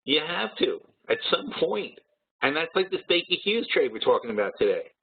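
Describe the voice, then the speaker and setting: A man's voice: a little high, big pitch swings, normal speed, creaky, a little hiss or hum. Blunt man on a tinny line. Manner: blunt, talks through numbers aloud with restarts. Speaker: webinar host. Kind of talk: casual trading webinar. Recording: tinny phone-like audio.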